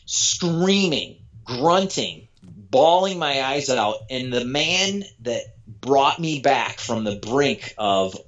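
A man casually telling a story from his running career, animated and profane, acting out what people said. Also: medium pitch, slow pace, lo-fi sound. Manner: animated, profane, acts out quotes. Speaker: former elite runner, guest.

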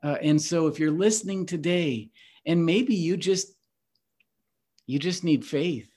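Brief: male podcast host, preacherly and emphatic, slightly higher voice. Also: measured pace, warm tone. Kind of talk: Bible teaching podcast.

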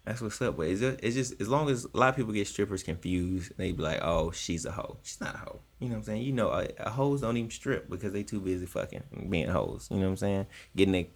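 Gravelly-voiced man in lively podcast banter. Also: lowish voice, fast talker, few pauses. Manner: animated storytelling, acts out quoted voices. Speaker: podcast co-host. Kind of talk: casual comedic chat.

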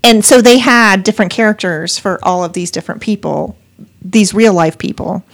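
A woman's voice: mid-range voice, normal speed, no room sound. A woman co-hosting a podcast in casual chat, rambling and searching for her words as she recommends books. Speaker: podcast co-host.

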